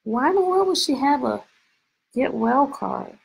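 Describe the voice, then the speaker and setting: A woman teacher reads a picture book aloud to her class, stopping often to ask questions and act out lines. Her voice is a little high and breathy, and she takes her time with each phrase. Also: unhurried, rough recording. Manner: lively, expressive, stretches words, asks questions. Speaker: teacher reading aloud to students. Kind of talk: storybook read-aloud lesson.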